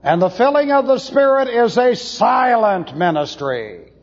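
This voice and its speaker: A man preaching to a Bible class, blunt and opinionated, slowing down to press his points. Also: extremely high pitch, very animated. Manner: blunt, opinionated, slows for emphasis. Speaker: pastor teaching a Bible class. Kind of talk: sermon lecture. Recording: dull lo-fi tape in a reverberant hall.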